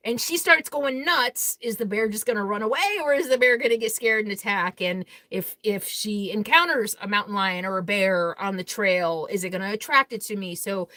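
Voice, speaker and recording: A woman's voice: mid-range voice, moderate pace, hardly any pauses, bright, forceful tone, no echo. A woman hosting a casual live Q&A stream, reading viewer comments aloud and answering them in a candid, outspoken way with easy laughter. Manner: chatty, candid, laughs easily between remarks; blunt and outspoken.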